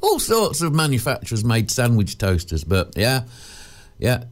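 A man's voice: mid-range voice, huge pitch swings, normal speed. A man hosting a radio show, rambling and digressing in jokey chatty patter. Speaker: radio presenter. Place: radio studio.

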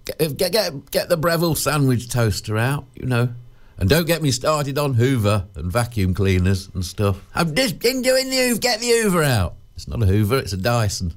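A man presents a radio show from the studio. His delivery is chatty and digressive, full of jokes, with a lively, swinging pitch. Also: normal speed. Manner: rambling, digressive, jokey.

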